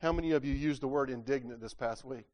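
Quick-paced and a little mellow, a mid-range male voice carries this sermon. The preacher asks the congregation rhetorical questions, keeps repeating words, and gives voice to the characters in scripture stories.

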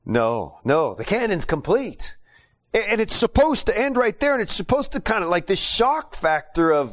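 A man preaching a sermon and telling a mission story, animated and prone to restarts. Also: high voice, normal speed. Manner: animated, acts out quotes, many restarts and fillers.

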